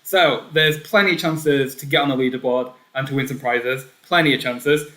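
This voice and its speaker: A man hosting a live online pub quiz, chatty, reading each question and its options twice and often clearing his throat. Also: medium pitch, steady tone, moderate pace, bright, forceful tone. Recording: echoey room.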